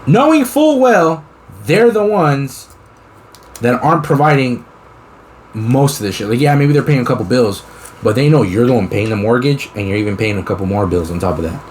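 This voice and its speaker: A man's voice: mid-range voice, lively intonation, normal speed, a little mellow, slight background noise. A young man hosting a casual podcast chat. He rambles and swears a lot while spinning long hypothetical scenarios. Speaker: podcast host.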